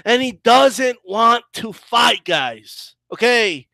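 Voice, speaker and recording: A man rants through heated boxing commentary, combative and profane, circling back to the same points. His voice sits high. The sound is dry and close. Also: lively intonation, slow pace, vocal fry, pushed and bright, no room sound. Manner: combative, profane, repetitive ranting.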